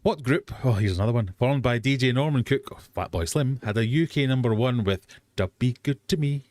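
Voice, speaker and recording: A man's voice: mid-range voice, lively intonation, fairly quick, a little mellow, no echo, clean studio sound. An English man hosting a live quiz stream, chatty and self-mocking, often drifting off on tangents. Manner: chatty, self-mocking, easily sidetracked, bursts into silly sung bits. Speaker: host of a live quiz hangout.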